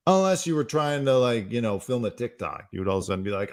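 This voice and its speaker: A man's voice: medium pitch, expressive, quick pace, few pauses, no echo, clean studio sound. A man hosting a comedy news show, riffing on the day's stories in a rambling, sarcastic monologue that keeps correcting itself.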